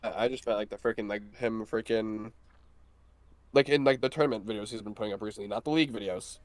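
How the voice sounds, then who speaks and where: A man's voice: on the low side, fast talker, no echo. A man joking and rambling in casual chat with friends on a stream.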